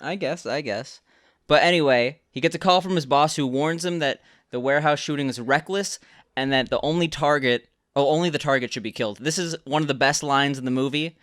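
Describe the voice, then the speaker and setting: A man's voice: on the high side, a little fast, a bit bright, no echo, clean studio sound. A young man co-hosting a podcast, recapping a movie in casual chat and often repeating words as he starts a sentence. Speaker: podcast co-host.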